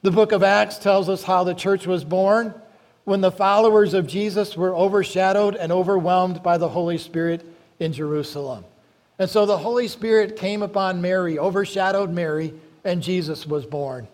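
A man preaching a sermon as pastor, reading scripture aloud and slowing down to stress key words. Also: high-pitched, a little mellow.

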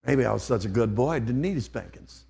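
A man's voice: mid-range voice, lively intonation, brisk, vocal fry, warm tone, breathy edge. An older man preaching an old-fashioned sermon, dropping to near whispers and then rising to fervent outbursts.

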